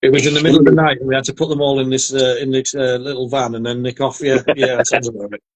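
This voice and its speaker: A man's voice: medium pitch, flat delivery, fast talker, dry recording. Male podcast co-host, wry joker, dead-dry close recording. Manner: wry, joking asides. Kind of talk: casual chat.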